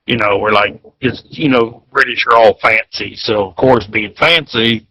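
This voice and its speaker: A man's voice: lowish voice, moderate pace, bright, forceful tone, poor audio. A man, co-hosting a podcast in loose casual chat full of fillers. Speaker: podcast co-host. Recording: dry close sound.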